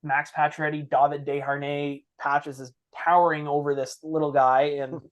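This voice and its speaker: A man hosting a casual podcast, his voice sitting a little high. He tells stories with energy and acts out what people said. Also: moderate pace. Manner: animated storyteller, acts out quotes. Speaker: podcast host. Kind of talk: casual chat.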